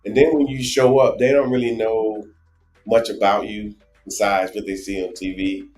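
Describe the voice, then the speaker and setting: Low-voiced jersey guy rambling on a travel livestream, roomy sound. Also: normal speed, faint music behind. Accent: New Jersey. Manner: animated, rambling, many restarts and "you know". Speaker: travel show co-host. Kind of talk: casual live-stream chat.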